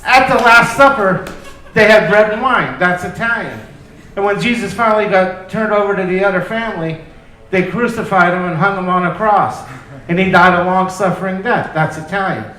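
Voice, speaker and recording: A high-voiced stand-up comedian performs a set on a comedy club stage, talking at a normal speed in a loose, profane, self-deprecating way. The club sounds echoey, and audience laughter fills the noisy background.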